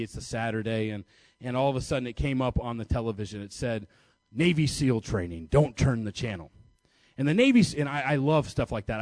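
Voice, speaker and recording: A man's voice: mid-range voice, a little mellow, no room sound. An American man preaching, telling a story in a chatty, self-mocking way and laughing at himself. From United States. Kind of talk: storytelling sermon to an audience.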